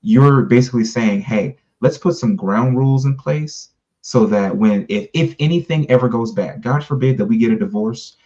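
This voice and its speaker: A man's voice: medium pitch, normal speed, mellow, lo-fi sound. A man in casual podcast conversation, talking earnestly in long, run-on explanations. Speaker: podcast co-host.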